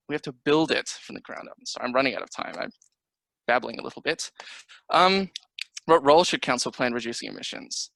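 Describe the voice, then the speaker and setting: A man's voice: mid-range voice, vocal fry, bright, forceful tone, dry recording, poor audio. A man from Australia who is a council candidate, giving an impassioned campaign speech over a video call with pointed rhetorical questions.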